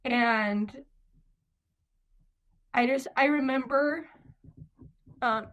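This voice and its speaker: A young woman with a somewhat high voice tells her story in an interview, taking her time. She speaks earnestly, fills gaps with "like", and slips into other people's words as she retells scenes. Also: extremely slow, fairly bright tone, highs cut off. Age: young adult. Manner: earnest, retells scenes by quoting what others said, many "like" fillers. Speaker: interview guest, birth mother.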